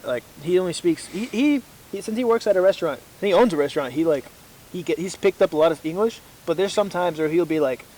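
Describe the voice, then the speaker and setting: A young man with a high voice for a man, trading easygoing jokes on a podcast with friends. He talks loosely, padding his sentences with "like". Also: expressive, fast, a little mellow, poor audio. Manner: easygoing, jokey, fillers with "like". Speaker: podcast co-host. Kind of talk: casual chat among friends.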